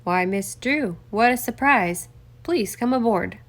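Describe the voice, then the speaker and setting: A woman voicing a smooth, courteous middle-aged male politician who turns defensive and threatening. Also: lively intonation, unhurried. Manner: courteous, then low and threatening.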